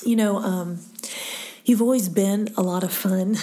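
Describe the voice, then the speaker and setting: A middle-aged woman hosting a faith-based interview, soft-spoken and often dropping to a breathy near-whisper. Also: medium pitch, fairly even intonation, unhurried. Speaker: podcast host interviewing her daughter.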